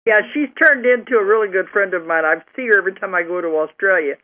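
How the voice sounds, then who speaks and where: Woman host, lively sing-song pitch, muffled radio-style sound, chatty. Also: quick pace. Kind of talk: casual interview chat.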